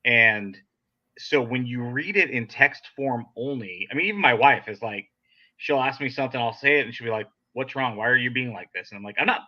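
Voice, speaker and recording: A man's voice: mid-range voice, lively intonation, a little fast. A man hosting a casual podcast chat, talking in a blunt, direct, sarcastic way. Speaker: podcast host. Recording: dull lo-fi sound.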